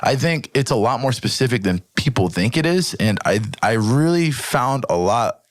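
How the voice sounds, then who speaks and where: A young man as a podcast guest, talking in a casual, animated way and often checking in with "right?". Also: medium pitch, normal speed, dry recording, clean studio sound. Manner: animated storytelling with frequent swearing and "right?" check-ins.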